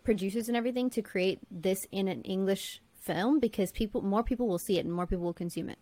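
A woman's voice: medium pitch, quick pace, dark tone, no echo. A young woman co-hosting a casual chat reacting to a movie trailer, talking in a chatty way with lots of fillers. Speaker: co-host.

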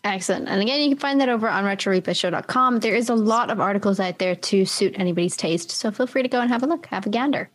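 A woman hosting a podcast in casual chat, talkative and quick to laugh. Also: medium pitch, soft background music. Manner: chatty, laughs often, swears casually. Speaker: podcast host. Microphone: video call.

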